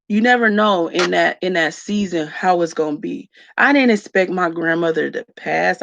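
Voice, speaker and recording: A woman speaking slowly and reflectively to her viewers, tearful. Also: mid-range voice, creaky, no echo, lo-fi sound. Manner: slow, reflective, addresses viewers as y'all. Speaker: vlogger. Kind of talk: emotional personal talk to viewers.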